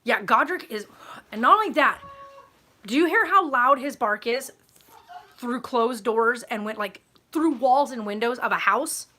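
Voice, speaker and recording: A woman's voice: on the high side, expressive, unhurried, pushed and bright. A woman chatting casually in a home vlog, rambling with fillers and cooing baby talk at her puppy. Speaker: homesteading vlogger.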